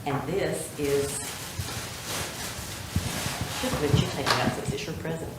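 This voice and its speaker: A woman's voice: sits low, unhurried, echoey room, heavy background noise. A woman, a state representative, presenting an award at a town council meeting, chatty and laughing between formal lines. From North Carolina.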